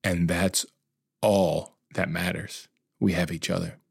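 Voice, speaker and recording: Loving wife, soft and reassuring, as a deep gravelly man quotes her, hushed. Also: fairly even intonation, slow, no room sound, clean studio sound, full character voice. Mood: gentle. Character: gentle, loving wife comforting her husband.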